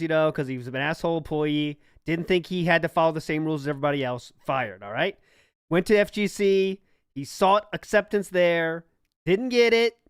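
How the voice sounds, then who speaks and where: A man's voice: fairly high pitch, clean tone, no echo, clean studio sound. A man co-hosting a podcast in casual chat, blunt and swearing often, sometimes acting out what other people said. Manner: blunt, swears often, acts out quoted lines. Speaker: podcast co-host.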